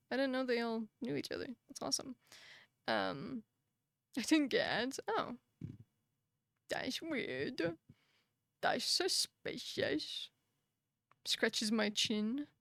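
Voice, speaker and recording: A woman's voice: a little high, gravelly, no room sound, clean studio sound. A young woman streaming live, chatting casually with her chat in a sympathetic, filler-heavy way, a little tired and out of breath. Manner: chatty, sympathetic, frequent fillers and soft laughs.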